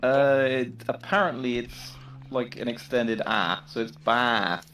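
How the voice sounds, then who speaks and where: A man's voice: mid-range voice, fairly even intonation, measured pace, a bit bright, a little hiss or hum. A man sim racing with friends, chatting casually with dry, understated humour. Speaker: co-driver on stream. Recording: faint background clicks.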